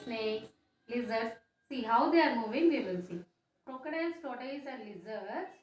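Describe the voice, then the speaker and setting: A woman teaches a children's science class, drawing out each word and checking for understanding again and again. Her voice sits high and the pace is unhurried. The room echoes and a faint hiss stays underneath. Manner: slow, repetitive explaining with question tags.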